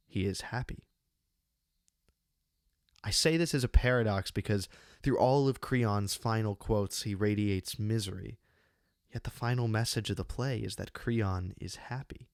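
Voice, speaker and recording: A man reading his own essay on a classic play, measured and deliberate, with slow emphatic pauses, close to a studio microphone. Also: on the low side, no room sound. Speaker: channel host giving a literary analysis.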